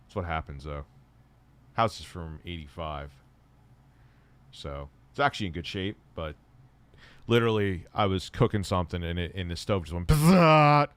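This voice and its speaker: A man's voice: low voice, moderate pace, long pauses, clean tone. A middle-aged man live streaming, rambling casually and swearing while he reads chat and shops online.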